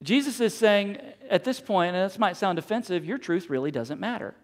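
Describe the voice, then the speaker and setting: High-voiced preaching man. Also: animated, normal speed. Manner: preaching with rhetorical questions and acted quotes. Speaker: pastor. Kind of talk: sermon.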